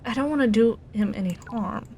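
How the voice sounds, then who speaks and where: A woman's voice: fairly high pitch, brisk, gravelly, slight background noise, rough recording. A woman voicing a kind, earnest young boy in a video game. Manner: gentle, earnest.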